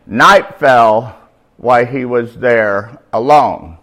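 A man's voice: medium pitch, slow, a bit bright. A middle-aged man preaching an informal, slangy sermon at a recovery meeting, shifting from easy talk to emphatic bursts.

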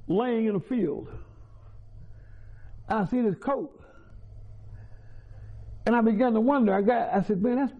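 Man, high-pitched, testifying in church; emotional storyteller with restarts, tinny phone-like recording. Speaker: church member giving testimony. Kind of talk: personal testimony.

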